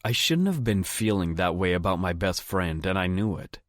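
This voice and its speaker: A young man narrating a first-person audiobook with a very deep voice and a brash, blunt, crude edge. The sound is dry and close, with no room around it. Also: expressive, moderate pace, no echo.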